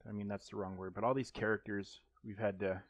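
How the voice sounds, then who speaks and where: A man with a fairly low voice chats his way through a live gameplay stream, joking and wandering off on tangents with plenty of ums. The sound is dry and close to the microphone, with no room echo. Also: level tone, fairly quick. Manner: rambling and joking, with frequent ums and restarts. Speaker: game streamer.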